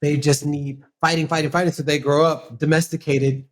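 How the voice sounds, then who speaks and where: A man with a slightly high voice talks as a podcast guest. He clarifies his points carefully and tells stories with animation. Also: flat delivery, normal speed. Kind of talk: candid relationship talk.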